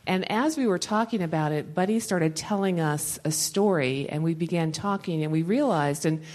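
A woman's voice: fairly low pitch, moderate pace, darkish tone, poor audio. A woman leading a Christian conference session, talking in a rambling, conversational way and laughing often between thoughts. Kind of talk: conversational teaching talk to a live audience.

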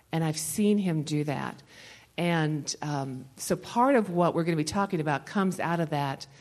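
A woman with a fairly low voice leads a faith conference session in a loose, chatty teaching style. She rambles from thought to thought and often breaks into light laughter as she speaks to the audience. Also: a little mellow, poor audio. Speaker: Christian conference session leader. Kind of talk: conversational teaching talk to a live audience.

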